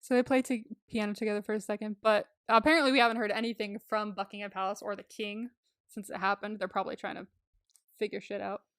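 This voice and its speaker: A woman's voice: medium pitch, fast, no echo. Giggly woman podcaster, dry close sound. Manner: animated and giggly, acting out quotes; swears freely. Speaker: podcast co-host. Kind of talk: casual chat recapping a movie.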